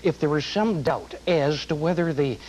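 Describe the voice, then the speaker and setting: A man's voice: on the high side, normal speed, a little mellow, a little hiss or hum, pitched above the performer's own voice, close to an everyday voice, rough recording. Man doing an older folksy president. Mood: wry. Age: 20s. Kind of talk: impression at a mock press conference.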